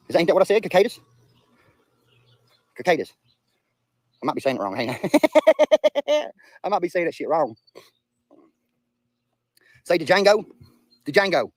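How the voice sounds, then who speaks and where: A man's voice: on the high side, no echo, clean studio sound. A man from Eastern Kentucky with an Appalachian accent, rambling and cursing in casual livestream chat outdoors by a river. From Eastern Kentucky, USA. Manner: profane, rambling, chatty.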